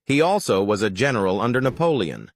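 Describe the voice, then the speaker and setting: A man's voice: fairly low pitch, very animated, a little fast, no room sound. A man presenting a history argument, reading out quotes from his sources in a declarative way. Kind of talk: lecture-like narration.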